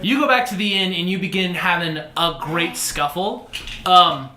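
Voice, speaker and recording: A game master running a tabletop session for friends, talking loosely with plenty of ums and giggles. The voice is bright and forward. It sounds like a casual home recording in an echoey room, with a faint hiss behind it. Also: mid-range voice, normal speed. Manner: loose, giggly, lots of fillers.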